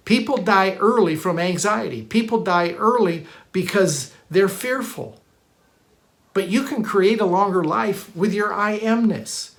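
A preacher in the middle of a sermon, pressing each point home with emphatic repetition. The voice sits at a middling pitch and stumbles over restarts. It speeds through some phrases and draws others out slowly. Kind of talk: sermon teaching.

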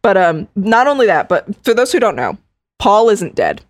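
A woman's voice: mid-range voice, very animated, normal speed, no room sound. Chatty swearing woman, dry close sound. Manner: chatty, swears freely, laughs often. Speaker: podcast co-host. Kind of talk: casual podcast chat.

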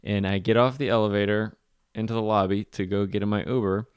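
Podcast co-host, male, low smooth voice, lively storyteller, dry close mic. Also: quick pace, no echo. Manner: animated storyteller, laughs often. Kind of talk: casual chat.

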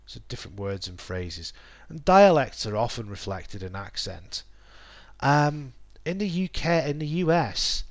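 A man's voice: on the high side, no room sound. Man explaining accents, dry close sound. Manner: measured, explanatory, lots of ums and restatements. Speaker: English teacher.

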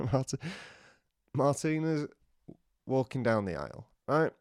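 A man co-hosting a podcast, telling a lively anecdote, acting out quotes and laughing often. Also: medium pitch, takes it slowly, no room sound, studio quality. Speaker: podcast co-host. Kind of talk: casual storytelling chat.

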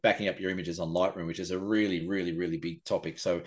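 A man, co-hosting a podcast and rattling off animated anecdotes. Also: deep voice, fast. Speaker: podcast co-host. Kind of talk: casual chat.

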